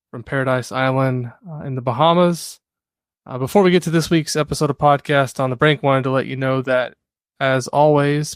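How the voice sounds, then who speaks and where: A man hosts a sports podcast in a casual, conversational way, often pausing on "uh". His voice is smooth and resonant. The recording is close and dry. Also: medium pitch, no room sound. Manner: filler-heavy, conversational with frequent "uh". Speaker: podcast host.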